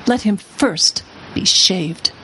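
A woman's voice: takes it slowly, pushed and bright, a little hiss or hum, poor audio. A woman voicing a cruel, commanding female witch queen who barks orders, in a dramatic storybook read-aloud. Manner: shrill, barking orders.

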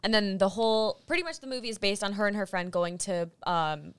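A young woman co-hosting a casual podcast, chatty and quick to laugh. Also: mid-range voice, smooth. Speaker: podcast co-host. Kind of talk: casual chat.

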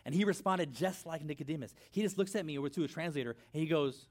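A middle-aged man preaching a sermon in a church, conversational and animated, with storytelling asides. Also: on the high side, quick pace. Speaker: pastor.

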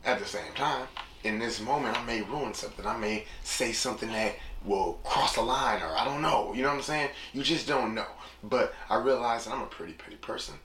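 A man's voice: mid-range voice, a little fast, roomy sound, noisy background. A young man hosting a casual solo podcast, talking in a loose, rambling, reflective way and leaning on repeated catchphrases. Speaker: podcast host.

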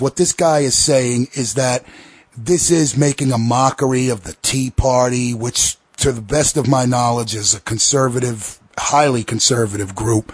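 A man with a husky, slightly rough voice hosts a podcast in a heated, profane rant. His delivery swings between sarcasm and outrage, and the sound is dry and close to the mic with no room around it. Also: medium pitch, no room sound. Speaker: podcast host. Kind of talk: ranting podcast commentary.

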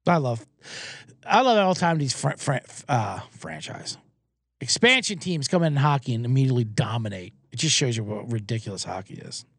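A man hosting a sports betting podcast alone in a small booth, ranting in a rambling, excitable, profane way. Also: mid-range voice, a little fast, husky, dry recording, studio quality. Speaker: podcast host and sports bettor. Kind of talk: casual sports betting rant.

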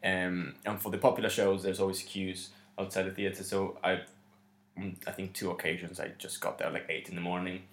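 Chatty low-voiced man in a roomy space. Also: little pitch movement, fairly quick, fairly bright tone. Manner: chatty, organized, hesitant with many ums. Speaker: podcast co-host. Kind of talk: casual chat. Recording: roomy echo.

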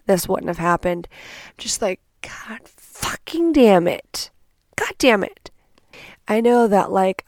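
A young woman hosting a podcast, telling a dramatic story in casual, profane, animated speech on a close mic. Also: on the low side, dry recording. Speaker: podcast host.

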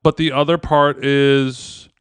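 Brief: male podcast co-host, mid pitch, smooth voice, deadpan teasing, dry close sound. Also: slow, no echo. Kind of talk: casual chat.

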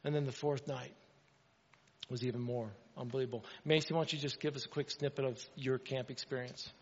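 A man's voice: mid-range voice, steady tone, fairly quick, breathy edge, in a large hall, lo-fi sound. A man preaching a sermon in an earnest, conversational way, often asking the congregation questions. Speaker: pastor.

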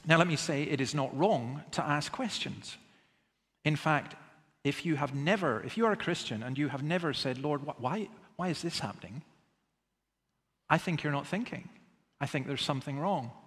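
A man's voice: a little high, lively intonation, normal speed, fairly bright tone, in a large hall. A man preaching a sermon in an earnest, emphatic way, often asking rhetorical questions.

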